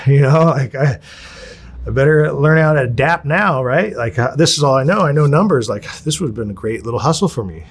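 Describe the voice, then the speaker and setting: Husky-voiced man telling prison stories. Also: medium pitch, a little fast. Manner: animated, profane, acts out quoted people. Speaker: interviewee. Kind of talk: candid storytelling.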